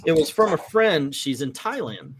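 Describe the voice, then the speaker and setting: A middle-aged man hosting a casual comic book livestream, animated and acting out quotes in little voices. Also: fairly high pitch, normal speed, background noise. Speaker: comic book show host.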